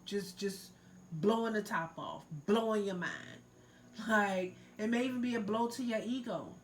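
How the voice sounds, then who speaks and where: A woman's voice: medium pitch, normal speed, a little hiss or hum. Woman giving a rambling tarot reading. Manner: loose and filler-heavy, many likes and ums; earnest, urging the listener to let go. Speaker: tarot reader. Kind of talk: casual spiritual tarot reading.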